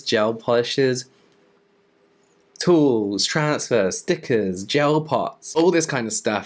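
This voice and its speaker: A young man with a Southern English accent answering viewer questions in a casual, rambling vlog, full of asides and "like". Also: mid-range voice. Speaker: beauty YouTuber.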